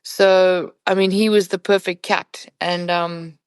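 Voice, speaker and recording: A woman who works as a professional hunting guide, a podcast guest retelling a night hunt in animated, conversational storytelling full of "you know" fillers. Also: fairly low pitch, slow, clear, resonant tone, dry recording.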